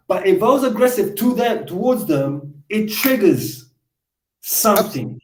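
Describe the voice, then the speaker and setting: High-voiced man lecturing in an echoey room. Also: big pitch swings, unhurried, a little mellow, a little hiss or hum. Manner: lecturing, acts out quoted exchanges. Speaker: host. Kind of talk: casual live chat. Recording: roomy echo.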